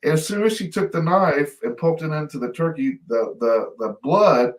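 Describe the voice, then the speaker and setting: A man co-hosting a talk show, telling a family story in a lively, laughing way and mimicking his relatives. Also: a little high, normal speed. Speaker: podcast co-host. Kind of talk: casual storytelling. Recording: echoey room, off-mic.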